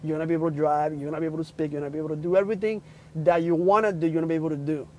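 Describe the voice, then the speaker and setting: A young man telling a personal story in a casual livestream, excitedly acting out the people in it. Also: fairly high pitch, racing, slight background noise, rough recording. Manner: excitable, acts out quotes loudly. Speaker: livestream host.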